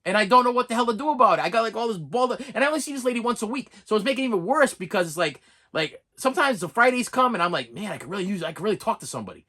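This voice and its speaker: A man's voice: sits high, lively intonation, rapid-fire, pushed and bright. A middle-aged man talking candidly to camera on his own channel, rambling and venting with frequent restarts and dry jokes. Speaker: channel host. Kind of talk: candid vlog monologue.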